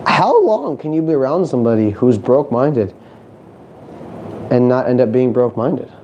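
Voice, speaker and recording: A man delivers a lively motivational talk from a conference stage, throwing questions at the audience and mixing in jokes. His voice is warm and mellow, with a faint hum of noise in the background. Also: mid-range voice, moderate pace, muffled recording. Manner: animated, joking, asks the crowd questions. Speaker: motivational speaker.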